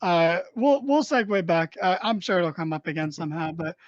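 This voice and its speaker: A man's voice: high-pitched, lively intonation, normal speed, dry recording, dull audio. A man hosting a casual wrestling podcast, joking and rambling with lots of fillers. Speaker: podcast host.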